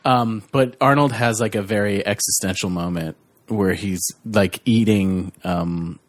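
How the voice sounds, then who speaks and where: A man's voice: lowish voice, a little slow. A man co-hosting a casual podcast, chatting about a film, rambling and laughing often. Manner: rambling, quotes lines in a mock voice, laughs often. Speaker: podcast co-host.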